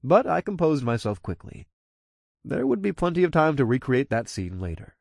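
Lively first-person male narrator. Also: medium pitch, moderate pace, creaky, no echo, studio quality.

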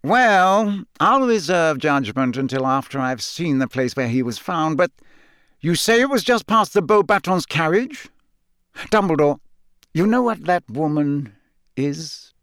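A man's voice: fairly high pitch, expressive, unhurried, a bit bright, smooth, no echo, studio quality, pitched above the performer's own voice. A man voicing a flustered, pompous government minister who talks in a raised, indignant way.

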